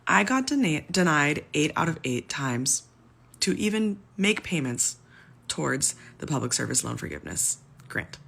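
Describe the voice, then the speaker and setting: A woman's voice: sits low, very animated, normal speed, gravelly, fairly bright tone, breathy edge. A young woman in her twenties, talking candidly to camera and venting, exasperated and emphatic, close to tears. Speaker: civil servant venting about debt.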